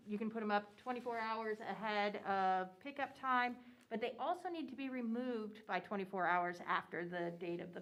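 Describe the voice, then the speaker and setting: Woman commissioner, mid-pitched, loose chatty council report with lots of ums. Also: fairly bright tone, rough recording. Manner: rambling, many fillers. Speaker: city commissioner.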